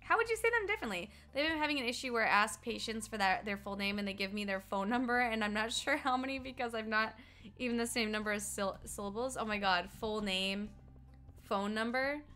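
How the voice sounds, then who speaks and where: Speaking fast with lively intonation, a young Coloradan woman in her twenties talks to her stream while gaming, answering chat and laughing a lot. Her sharp voice sits on the high side, with faint music in the background.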